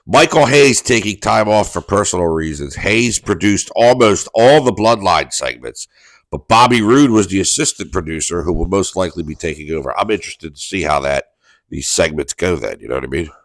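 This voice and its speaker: A man's voice: deep voice, animated, moderate pace, no room sound. An older man co-hosting a podcast in casual chat, blunt and crude. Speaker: podcast co-host.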